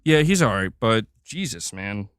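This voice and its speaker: A man's voice: lowish voice, big pitch swings, normal speed, fairly bright tone, clear, resonant tone, no room sound, clean studio sound. A man hosting a casual gaming livestream, joking and swearing freely as he talks to chat. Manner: loose, profane, joking. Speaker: livestream host.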